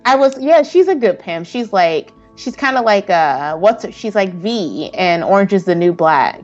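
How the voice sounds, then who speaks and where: A sassy woman co-hosts a podcast, full of slang and quick laughs. The audio is muffled and lo-fi, with faint music underneath. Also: medium pitch, expressive, darkish tone. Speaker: podcast co-host. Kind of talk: casual TV recap chat.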